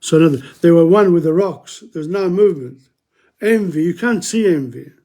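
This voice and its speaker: Older guy reading verse then explaining it, slightly high voice, stops and restarts a lot. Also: warm tone. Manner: halting, repeats words, mixes Italian quotes with English explanation. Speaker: teacher reading and explaining Dante. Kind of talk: informal lecture with readings in Italian.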